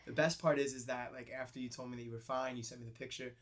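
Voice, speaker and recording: A man chatting casually on a podcast, rambling with many fillers and trailing off quietly. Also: mid-range voice, fairly even intonation, fast, a crowd in the background. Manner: rambling, lots of likes, drops to quiet mumble. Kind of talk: casual chat.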